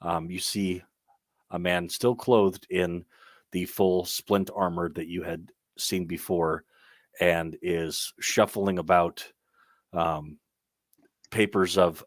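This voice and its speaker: A man's voice: low-pitched, flat delivery, slow pace, no room sound, clean studio sound. A young man narrating a tabletop game as game master, rambling along with many ums and restarts.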